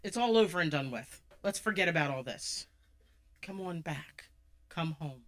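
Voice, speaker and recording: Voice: mid-range voice, lively intonation, moderate pace, lightly acted. A storyteller doing a weary, forgiving king. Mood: resigned. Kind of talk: storyteller voicing a character.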